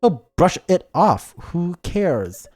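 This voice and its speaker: A streamer plays a defiant teenage girl in a story game who brushes off every complaint. The delivery is snappy, with lively swings of pitch, and faint music sits behind her. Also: slow. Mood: dismissive. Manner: dismissive, snappy.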